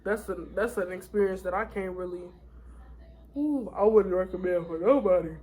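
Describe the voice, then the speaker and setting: A woman's voice: on the low side, moderate pace, mellow, slightly rough. A tired young woman vlogging, telling her story in a candid, rambling way with many fillers and restarts. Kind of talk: casual storytime vlog.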